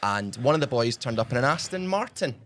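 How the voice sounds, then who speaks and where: A man's voice: mid-range voice, very animated, a bit bright. A man co-hosting a radio football show, telling a story in casual chat. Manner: storytelling, quick.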